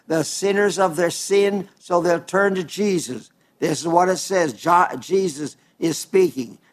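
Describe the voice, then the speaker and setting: A man preaching a sermon in an earnest, plain-spoken way, reading scripture aloud slowly and calling his listeners dear friends. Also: sits high.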